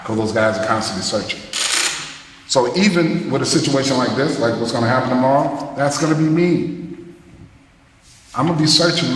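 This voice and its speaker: A man, a jazz musician, talking to students in a loose, animated way, scatting rhythms as he tells stories. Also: mid-range voice. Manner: animated, scats rhythms, loose casual phrasing. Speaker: jazz musician giving a masterclass. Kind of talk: storytelling talk to students. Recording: echoey hall with long reverb, faint noise.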